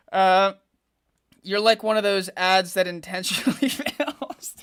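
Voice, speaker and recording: Laughing, excitable young man streaming. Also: sits high, takes it slowly. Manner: excitable, self-mocking, laughs often, talks to chat. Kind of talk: casual live-stream chat while gaming.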